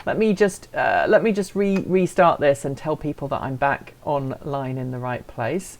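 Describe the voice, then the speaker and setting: A woman's voice: deep voice, moderate pace, gravelly, hardly any pauses, a little mellow, a little hiss or hum. A woman hosting a casual live stream, chatting and answering viewer comments in a playful, self-deprecating way.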